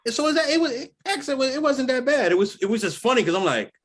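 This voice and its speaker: A man's voice: extremely high pitch, sing-song, fast. A man co-hosting a casual group chat, telling stories animatedly with hesitant fillers. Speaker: co-host.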